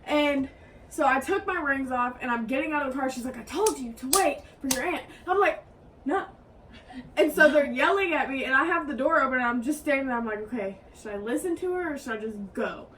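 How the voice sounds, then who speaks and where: A young woman, telling a story in a lively, casual way and acting out what others said. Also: high voice, fairly quick. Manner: animated, acts out quotes in raised voices. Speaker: co-host. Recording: mic at a distance, faint background hiss.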